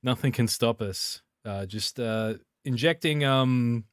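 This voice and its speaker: A man's voice: mid-range voice, takes it slowly, clear, resonant tone, no echo. Podcast co-host, young adult male, mid-range voice, playful riffing, dry close mic. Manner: jokey, riffing absurd bits. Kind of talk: casual chat.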